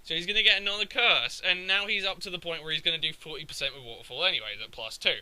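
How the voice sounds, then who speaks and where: A young man rants his way through game commentary, swearing and exasperated at every bad turn. His voice sits a touch high and sounds very bright and crisp. The sound is close and dry. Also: fast talker, no echo, rough recording. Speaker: gaming commentator.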